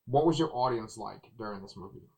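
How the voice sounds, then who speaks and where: A man reviewing a movie in casual chat, animated and acting out what others said. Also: fairly low pitch, fairly quick, vocal fry, poor audio. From Texas. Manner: animated, acts out quotes loudly.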